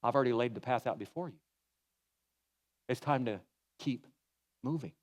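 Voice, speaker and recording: A man voicing God as calm and mildly exasperated, speaking in a low, dry, matter-of-fact way. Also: normal speed, natural voice.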